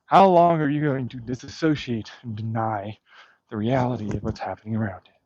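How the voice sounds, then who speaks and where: A man's voice: mid-range voice, fairly quick, a little mellow, husky, dry recording. A man vlogging outdoors while walking his dog, ranting in an agitated, profane way with bitter muttering. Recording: dull lo-fi dry sound.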